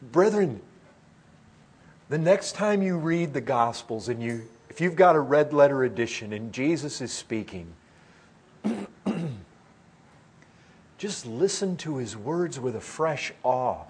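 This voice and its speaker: Husky-voiced man preaching a sermon. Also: medium pitch, expressive, slow pace, pauses often. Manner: earnest, swells loud then drops hushed.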